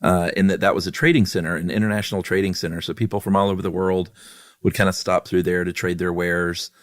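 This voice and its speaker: A man co-hosting a podcast in casual chat, relaxed and self-deprecating with many fillers. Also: low voice, fast, no room sound, studio quality. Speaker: podcast co-host.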